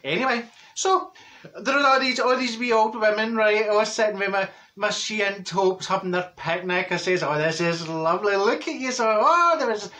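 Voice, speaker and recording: A man's voice: sits high, normal speed, bright, forceful tone. A man playing a cheeky, blunt older woman from Glasgow with a Glaswegian accent, rambling through a gossipy comic monologue and laughing at his own jokes.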